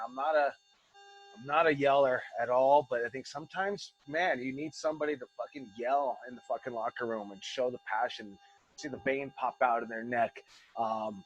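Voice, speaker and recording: A man's voice: medium pitch, a bit bright, muffled recording. A man coaching wrestling students over a video call, rambling and passionate, swearing freely. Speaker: wrestling school head coach. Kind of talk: casual online class talk.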